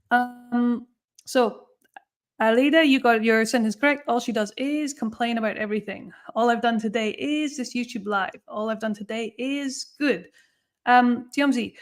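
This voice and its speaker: A woman teaching English grammar in a live online lesson, slowing down on example sentences and counting down for tasks. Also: on the high side. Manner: lively, slow for emphasis, counts down for tasks.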